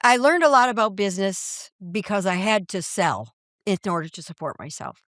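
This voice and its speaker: An older woman, an author and comedian, telling stories as a podcast guest in an animated, comic way and acting out the voices. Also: mid-range voice, normal speed, no room sound, clean studio sound. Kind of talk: storytelling in a podcast interview. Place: podcast studio.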